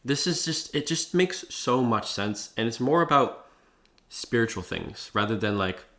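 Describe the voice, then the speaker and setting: A man's voice: medium pitch, animated, measured pace, fairly bright tone. A young man vlogging advice in a loose, profane way, heavy on fillers like "like" and "bro.". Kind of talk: casual talking-head advice.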